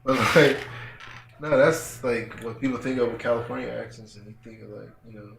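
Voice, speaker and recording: A man hosting a casual podcast, bantering loosely with slang and profanity. His voice sits in an echoey room, and steady background noise runs underneath. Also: mid-range voice, fairly quick, vocal fry. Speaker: podcast host.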